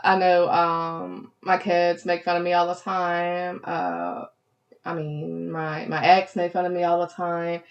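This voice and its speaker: A woman's voice: lowish voice, takes it slowly, dull audio. A woman with a Southern Louisiana accent hosting a podcast, talking casually and with animation, and saying "y'all" often. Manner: chatty, animated, heavy use of "y'all". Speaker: podcast host.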